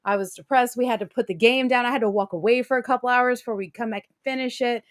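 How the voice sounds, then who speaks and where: A young adult woman co-hosting a podcast, telling a story in an animated, excitable way and laughing often. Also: a little high, fast, no echo, studio quality. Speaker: co-host. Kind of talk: casual storytelling chat.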